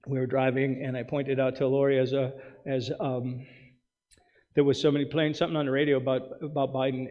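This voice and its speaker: A male pastor preaching a sermon, with emphatic rhetorical questions and quick asides. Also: medium pitch, darkish tone. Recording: dull sound with long hall reverb.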